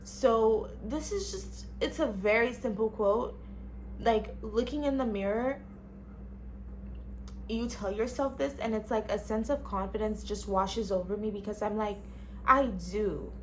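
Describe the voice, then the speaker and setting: A woman's voice: a little high, a little slow, a little mellow, a little hiss or hum. A young woman vlogging casually from her small studio apartment, talking frankly and directly to viewers and swearing now and then. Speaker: lifestyle vlogger. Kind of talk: casual self-help vlog talk.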